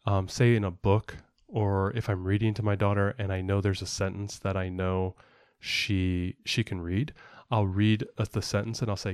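A man's voice: fairly low pitch, flat delivery, moderate pace, few pauses, darkish tone, smooth, dry recording, clean studio sound. A man co-hosting a casual podcast, explaining at length in a rambling way with frequent fillers and restarts. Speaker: podcast co-host and parent.

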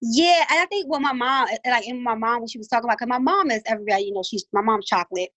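A woman's voice: on the high side, racing, dry recording, poor audio. A woman in her thirties with a Baltimore accent, chatting casually as a guest and acting out the voices of people in her stories. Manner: animated storytelling, acts out voices. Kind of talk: casual chat.

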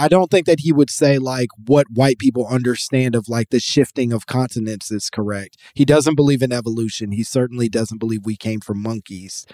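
A man's voice: medium pitch, warm tone, dry recording, clean studio sound. A man hosting a casual podcast chat, explaining at length with many fillers and restarts. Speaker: podcast host.

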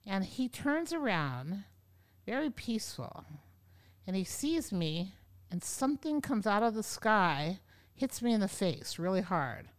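Woman interview guest, clear resonant voice, lively storyteller who acts out what she once said, studio podcast. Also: mid-range voice, measured pace. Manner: lively, acts out her own past words. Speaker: yoga teacher, podcast guest. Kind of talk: conversational storytelling.

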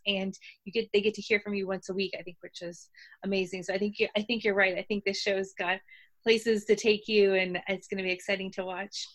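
A woman's voice: mid-range voice, dry recording. A woman hosting a podcast, chatting casually and encouraging her guest with enthusiasm. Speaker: podcast host. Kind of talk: casual interview chat.

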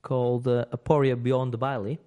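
A man chatting on a games podcast at an ordinary pitch. He rambles through his thoughts and often stops to restart a sentence. He laughs easily along the way. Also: level tone, moderate pace, mellow. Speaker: podcast host. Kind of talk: casual podcast chat about games.

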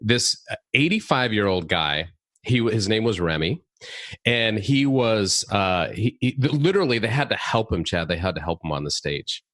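Animated low-voiced man telling stories. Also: moderate pace, dry recording, studio quality. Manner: animated storyteller, laughs often. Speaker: podcast guest, comedy consultant. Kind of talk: casual interview chat.

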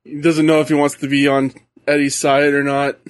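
A man co-hosting a casual watch-along chat, laid-back and quick to laugh. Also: fairly high pitch, monotone, no echo. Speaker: co-host.

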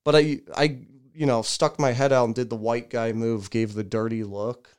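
A man's voice: medium pitch, normal speed, clear, resonant tone. A man co-hosting a podcast, telling a rant in casual chat and acting out people he talks about. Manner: animated ranting storyteller, mimics people in loud raised voices. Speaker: podcast co-host.

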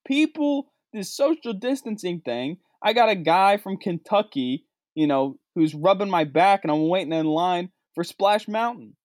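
A man delivering a sarcastic comedic rant, swinging between low mutters and high outbursts. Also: lively intonation, a little slow, hardly any pauses, dry recording, clean studio sound. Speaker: comedic vlogger.

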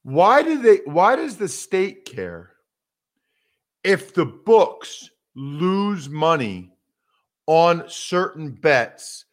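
A man co-hosting a sports podcast, talking in an animated, conversational, self-mocking way. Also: a little high, drawn-out words. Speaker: podcast co-host. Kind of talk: casual sports talk.

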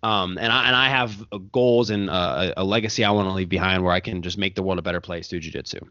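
A man's voice: low voice, quick pace, no room sound. A man who coaches jiu-jitsu, talking casually and at length on a podcast and often stopping to correct himself. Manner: animated, rambling, self-correcting. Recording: dull lo-fi podcast audio.

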